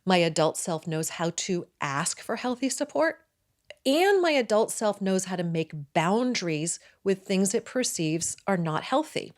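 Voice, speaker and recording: Excitable, talkative woman in her forties; interview guest telling her story. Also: mid-range voice, a little slow. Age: 40s. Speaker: guest, midwife and acupuncturist. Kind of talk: personal storytelling in conversation.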